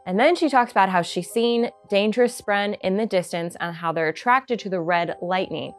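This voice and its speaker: Excitable woman chatting about a book. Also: mid-range voice, normal speed, soft background music. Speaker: book reviewer. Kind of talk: casual book reaction chat.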